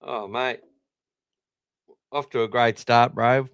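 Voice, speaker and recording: Australian male podcast host, casual and rambling, smooth clear voice, dry close recording. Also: mid-range voice, steady tone, slow pace, a bit bright, no echo. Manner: chatty, rambling, self-deprecating. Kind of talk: casual live-stream chat.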